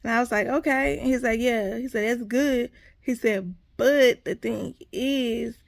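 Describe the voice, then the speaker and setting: A woman tells her viewers a casual story in an animated way, acting out what other people said and calling her audience "y'all." Her fairly high voice is creaky and a little slow, recorded with no echo.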